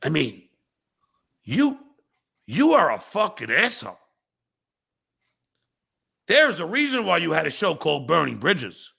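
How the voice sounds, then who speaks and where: Brief: male podcast host, furious profane livestream rant, gravelly, bright edge, voice swings wide. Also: a little high, huge pitch swings, moderate pace, long pauses. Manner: angry, profane, bursts into shouting; reads viewer chats aloud with mocking replies. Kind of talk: livestream rant at chat commenters.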